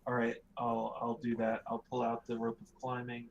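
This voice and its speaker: A man's voice: medium pitch, completely flat delivery, normal speed, muffled recording, slight background noise. A man playing in a tabletop game, talking over his options with some hesitation. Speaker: player. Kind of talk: casual table talk.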